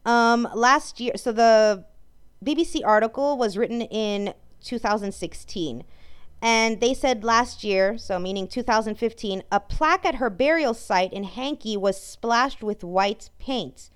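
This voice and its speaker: A woman's voice: on the high side, a little slow, clear, resonant tone. Angry, swearing woman ranting. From France. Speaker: podcast host. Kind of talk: ranting monologue.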